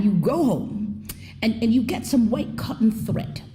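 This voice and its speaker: A woman telling a folk tale on stage, expressive, swooping in pitch and dropping to a hush. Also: normal speed. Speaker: storyteller. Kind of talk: live storytelling performance. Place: theater stage before an audience.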